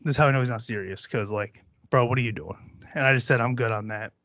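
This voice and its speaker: A man's voice: mid-range voice, fast talker, fairly bright tone, dry recording. A man in his thirties hosting a podcast, talking bluntly and dismissively with plenty of swearing. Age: 30s. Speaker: podcast host. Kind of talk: casual chat.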